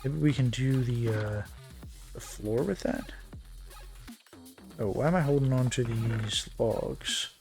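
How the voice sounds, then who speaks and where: A man streaming a building game, thinking aloud in a relaxed, muttering way as he works. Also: mid-range voice, takes it slowly, vocal fry, pauses often, faint music behind. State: hiccuping. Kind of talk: casual game commentary while building.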